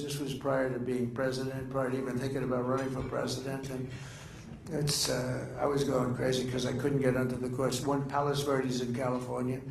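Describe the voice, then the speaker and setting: An older man speaks off the cuff to a gathering, wandering from story to story, bragging and breaking off mid-thought with frequent uhs. His voice sits at an ordinary pitch. The room is echoey, with a faint hum of background noise. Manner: meandering, boastful, trails off mid-sentence with many uhs. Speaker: speaker addressing a political gathering. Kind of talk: rambling off-the-cuff speech.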